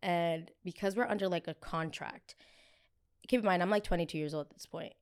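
A young woman hosting a podcast, telling a story in chatty, animated fashion, full of "like" fillers and acted-out quotes. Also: fairly quick, clear, resonant tone. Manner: animated, acts out quoted people with big jumps in pitch and loudness; chatty, heavy use of filler "like". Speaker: podcast host. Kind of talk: casual storytelling.

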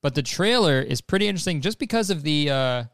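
A man's voice: fairly high pitch, animated, fast talker, a bit bright, smooth, dry recording, clean studio sound. A young man hosting a casual trailer reaction, rambling and joking with swearing. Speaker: host.

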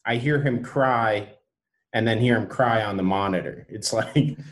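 A man's voice: on the low side, measured pace, rough recording. A man, a new father and podcast guest, telling laid-back stories and acting out his own thoughts in casual chat.

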